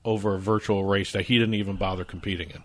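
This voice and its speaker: A man's voice: sits low, level tone, quick pace, background noise. A man with a New Jersey accent, co-hosting a sports podcast and walking through the news stories in casual chat. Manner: explains news stories at length, some restarts. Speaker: podcast co-host.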